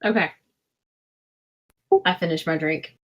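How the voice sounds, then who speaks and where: A woman's voice: low-pitched, slow, a bit bright. A woman playing a tabletop game, speaking in a dry, matter-of-fact way. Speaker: player. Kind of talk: casual tabletop play.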